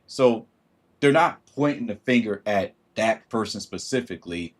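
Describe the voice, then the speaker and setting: Lowish-voiced man chatting on a livestream. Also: moderate pace. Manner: animated, acts out quoted thoughts in shifting voices; greets viewers mid-sentence. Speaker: livestream host. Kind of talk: casual livestream chat.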